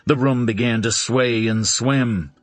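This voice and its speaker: A man narrating a suspense novel in a deliberate, dramatic reading. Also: medium pitch, fairly even intonation, no echo, soft background music. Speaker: audiobook narrator.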